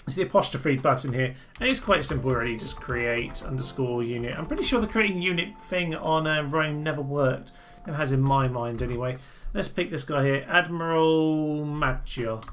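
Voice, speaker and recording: A man's voice: fairly high pitch, a bit bright, a little hiss or hum. A man giving enthusiastic, jokey and rambling commentary as he plays a strategy game. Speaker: let's-play host. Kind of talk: gameplay commentary.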